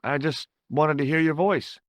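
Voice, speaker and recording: A man's voice: a little high, steady tone, moderate pace, natural voice. A man voicing a wry detective hero in a game, narrating and talking with dry sarcasm.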